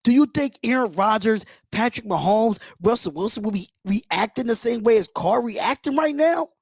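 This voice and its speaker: A man's voice: high voice, lively intonation, normal speed, breathy edge, no room sound, clean studio sound. A man hosting a live fan reaction stream, talking with passion, bluntness and frequent swearing. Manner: impassioned, blunt, swears freely. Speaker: livestream host. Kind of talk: emotional fan reaction livestream.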